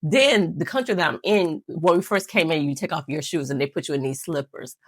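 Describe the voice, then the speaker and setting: A woman's voice: deep voice, brisk, no echo. A woman vlogger telling a rambling, self-mocking story to camera, laughing often. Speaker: nail channel vlogger.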